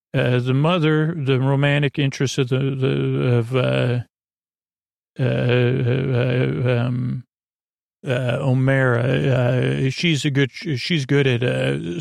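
Gravelly, rambling man retelling an episode. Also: medium pitch, darkish tone, no echo. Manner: meandering, halting, with many fillers and self-corrections; dry, offhand humor. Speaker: podcast host. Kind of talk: rambling bedtime episode recap.

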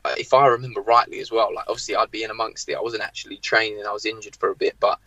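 A man's voice: on the low side, racing, no echo, faint music behind, low-quality recording. A man, a former footballer telling stories from his career in a casual, self-mocking way on a podcast. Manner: lively storyteller, laughs at himself. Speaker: former professional footballer, guest.

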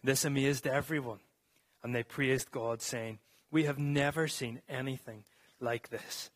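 In a church, a man preaches to his congregation, reading scripture and then earnestly explaining it, restarting now and then. His medium-pitched voice is steady and his pace measured.

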